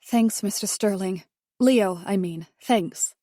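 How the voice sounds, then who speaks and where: Woman reading as a shy housekeeper, soft and polite, dry close read. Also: medium pitch, slow, no room sound. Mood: deferential. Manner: hesitant, polite. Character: timid female housekeeper, deferential.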